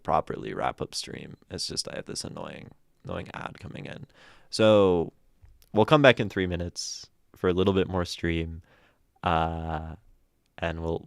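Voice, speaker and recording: A man hosting a livestream, chatting casually and thoughtfully with many halting restarts. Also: low voice, clear, resonant tone, no room sound, clean studio sound. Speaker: livestream host reading community poetry.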